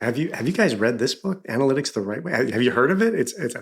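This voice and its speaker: A man's voice: medium pitch, fast talker, vocal fry. A man with a Philadelphia accent, a podcast guest telling stories in casual conversation and acting out quoted dialogue. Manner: animated storyteller, acts out quoted dialogue.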